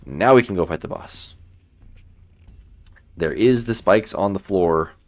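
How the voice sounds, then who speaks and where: A man casually commenting while playing a video game, thinking aloud about his choices in a relaxed, sleepy way. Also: low voice, measured pace. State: sleepy, yawning. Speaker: gaming YouTuber. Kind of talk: let's play commentary.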